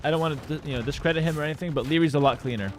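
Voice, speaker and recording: A man casting a strategy game tournament live, casual and opinionated, breaking into excited shouts at big plays. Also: fairly high pitch, rapid-fire. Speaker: esports caster.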